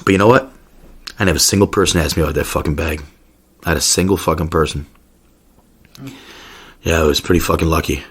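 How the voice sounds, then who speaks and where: A man's voice: rumbling low, fairly even intonation, brisk, pauses often, husky. A man hosting a podcast, telling a rambling, profane story in a casual rant. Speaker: podcast host.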